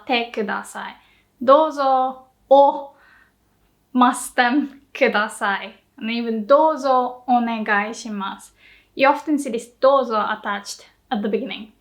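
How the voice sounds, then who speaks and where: Slow-spoken Japanese woman teaching. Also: a little high, a bit bright. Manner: slow, deliberate, repeats example phrases. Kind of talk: casual language lesson.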